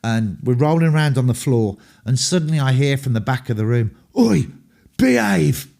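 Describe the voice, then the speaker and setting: Warm-voiced English rock frontman, rambling. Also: medium pitch, a little fast. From England. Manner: rambling, profane, full of ums. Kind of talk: candid anecdotal storytelling.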